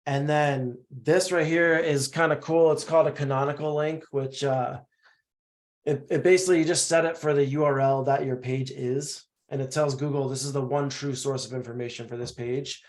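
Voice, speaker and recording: A man's voice: mid-range voice, fairly even intonation. A man on a video call casually walking through a screen-share tutorial, explaining step by step with small halts and restarts. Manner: casual, explanatory, a bit halting. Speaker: no-code platform expert demonstrating.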